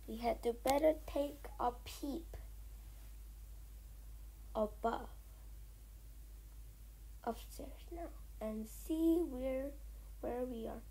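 A woman voicing a clever father fox who gives calm, hushed orders in a children's story. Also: high-pitched, drawn-out words, gravelly, long pauses, slightly rough, full character voice, low-quality recording. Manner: hushed and careful, giving orders.

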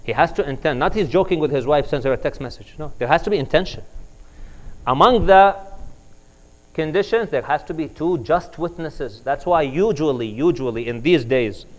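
A man's voice: a little high, animated, moderate pace, poor audio. A man, an imam, giving a conversational sermon and telling stories. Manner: conversational, acts out dialogue. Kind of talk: sermon with storytelling.

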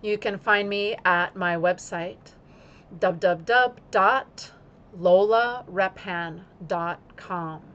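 A woman yoga teacher speaking in an instructional video, using slow, deliberate phrasing timed to her breath. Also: mid-range voice, a bit bright, lo-fi sound.

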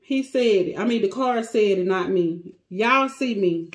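A tarot reader with a mid-range voice speaks a little slowly in a casual, emotional reading for her viewers. She is on the brink of tears. Her manner is dramatic as she speaks to the cards and the audience.

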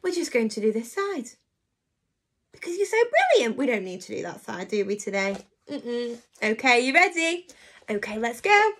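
A woman's voice: a little high, big pitch swings, normal speed, a bit bright. A woman teaching a phonics lesson to young children online, encouraging and sing-song, sounding out letters.

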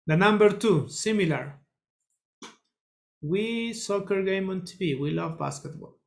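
A teacher leads a children's English lesson in a classroom. The pace is unhurried and deliberate, with key phrases drilled again and again. Students are called on one by one to answer. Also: mid-range voice. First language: Spanish. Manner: slow, repetitive drilling, calls on students.

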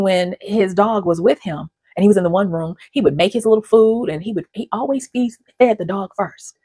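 The host's voice is mid-range, darkish, and husky, captured in a dry recording with clean studio sound. She runs her own channel, speaking casually to camera in a digressive way, frequently restarting sentences and repeating words.

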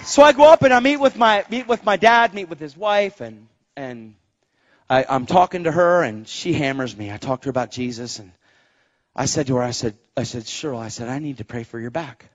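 A man preaching a testimony sermon, telling stories with loud exclaims and quiet asides. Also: a little fast. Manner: animated storytelling, swings between loud exclaims and low asides. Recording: dull lo-fi live recording.

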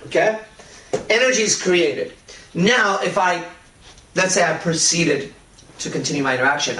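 A man's voice: on the high side, fairly bright tone. A man giving a dating-coach lecture, telling stories in a brash, swaggering way and swearing casually. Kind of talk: lecture with anecdotes. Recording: roomy echo, voice from a distance.

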